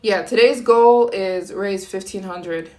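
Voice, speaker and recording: A young woman from the United States talks casually on a live stream and addresses her viewers directly. She speaks slowly and unhurriedly, in a mid-pitched voice, as she greets and thanks people in the chat. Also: a little mellow. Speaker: travel vlogger live streaming.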